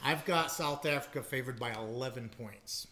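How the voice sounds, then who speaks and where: A man's voice: mid-range voice, moderate pace, bright, forceful tone, slight background noise. Teasing male host reading betting lines. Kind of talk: casual panel chat.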